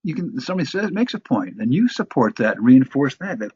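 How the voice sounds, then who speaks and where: A man from the New York area teaches a course on sales presentations, speaking conversationally with frequent restarts and repeated words. His medium-pitched voice swings widely in pitch, moves fairly quickly with few pauses, and sounds a little mellow and slightly rough. The recording has no room sound and the highs are cut off.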